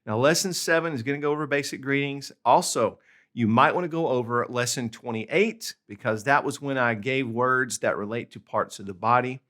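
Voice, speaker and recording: Male tutor, mid-pitched, patient explainer, steady instructional delivery. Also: moderate pace. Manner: patient, repeats checks like "okay?" and "all right?". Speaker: language tutor. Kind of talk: instructional video lesson.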